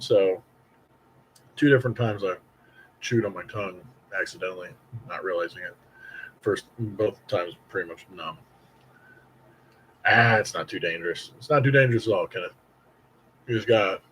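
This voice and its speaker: Speaking at normal speed with frequent pauses, an Indiana man in his late thirties uses a fairly low voice to tell a rambling childhood story to camera as a candy review host. He's animated, mimicking quoted voices, and the rough recording carries slight hiss or hum.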